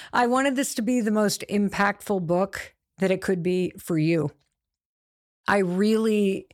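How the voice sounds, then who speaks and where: A middle-aged woman, an author, announcing her new book straight to her audience, emotional and emphatic, with excited sighs and repeated phrases. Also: mid-range voice. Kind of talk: emotional direct-to-camera announcement.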